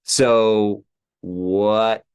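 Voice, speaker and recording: A man's voice: lowish voice, steady tone, very slow, darkish tone, clear, resonant tone. A man hosting an interview, asking earnest, probing questions in casual talk. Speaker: podcast host.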